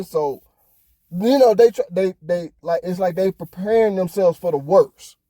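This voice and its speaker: A man's voice: high-pitched, unhurried, dark tone, no room sound. Fired-up ranting man, dry close sound. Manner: heated, ranting, swears often. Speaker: podcast host. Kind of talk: casual opinion monologue.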